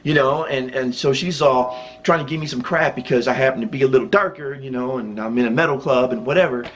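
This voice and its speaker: A man's voice: mid-range voice, fast talker. A man hosting his own vlog, telling a loose, rambling story and chuckling often as he goes. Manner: loose and rambling, with many restarts and fillers. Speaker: channel host.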